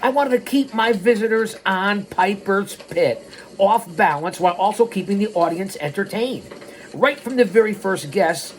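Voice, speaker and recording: A man hosting a storytelling show, reading in the first person and breaking into animated tangents. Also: sits high, a little hiss or hum. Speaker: host.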